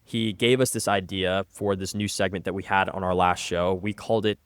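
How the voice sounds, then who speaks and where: A man's voice: sits low, moderate pace, clear, resonant tone, no room sound, clean studio sound. A man co-hosting a podcast in casual, hyped-up chat. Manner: hype, lively storytelling. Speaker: podcast co-host.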